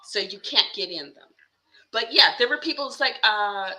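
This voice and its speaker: Bright, animated woman telling a story. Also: mid-range voice, moderate pace, a little hiss or hum, poor audio. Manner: animated, sarcastic mock politeness. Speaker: podcast co-host. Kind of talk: casual storytelling chat.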